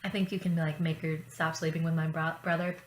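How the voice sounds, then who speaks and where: A woman's voice: sits low, little pitch movement, fairly quick, reverberant, slight background noise, lightly acted. Woman doing an exasperated ghost father, sarcastic and scolding, near her own voice.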